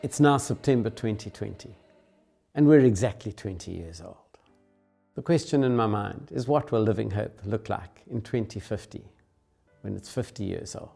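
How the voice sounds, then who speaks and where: A man's voice: fairly low pitch, moderate pace, vocal fry, dark tone, husky, soft background music. A man narrating earnestly about a ministry and telling a story. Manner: earnest, storytelling with acted quotes.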